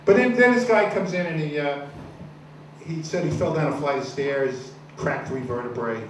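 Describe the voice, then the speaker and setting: A man doing a stand-up comedy set, telling crude stories in a rambling, deadpan way with many restarts. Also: a little high, moderate pace. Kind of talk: stand-up set at an open mic. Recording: echoey room, far from the mic, noisy.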